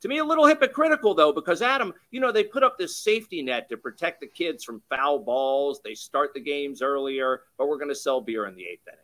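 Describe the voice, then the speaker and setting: Upbeat guy reading the podcast promo, kinda bright voice. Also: fairly high pitch, expressive, a little fast, hardly any pauses. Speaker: podcast co-host. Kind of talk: casual chat and show segment reading.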